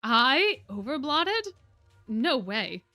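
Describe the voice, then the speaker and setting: A woman's voice: high voice, very animated, extremely slow, pushed and bright, dry recording, clean studio sound, soft background music, full character voice. Woman voicing a bitter young lion prince. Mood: bewildered. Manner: bitter, weary inner monologue. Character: brooding defeated young lion beastman prince.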